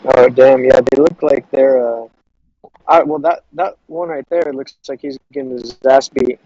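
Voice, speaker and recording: A man's voice: mid-range voice, fairly even intonation, a little slow, warm tone, no echo, highs cut off. A man playing a tabletop game in a laid-back, slangy way. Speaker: player. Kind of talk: casual in-character play.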